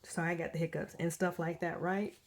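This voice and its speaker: While changing a doll on a casual home vlog, a reborn doll artist rambles through a story, restarting often and leaning on fillers. She speaks briskly in a lowish, level voice.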